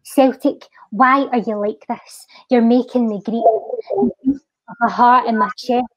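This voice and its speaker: A Scottish woman with a slightly high voice reads her spoken-word poem slowly and deliberately. The sound is dry and close, with no room around her. She drops small fillers as she chats afterwards. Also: expressive, no room sound, dull audio. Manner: slow, measured recitation with soft fillers. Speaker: charity guest and spoken-word poet.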